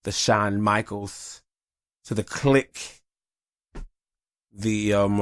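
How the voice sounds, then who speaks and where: A man's voice: lowish voice, steady tone, very slow, clean tone, no echo, clean studio sound. A tired man hosting a podcast in casual, rambling, profane chat. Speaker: podcast host.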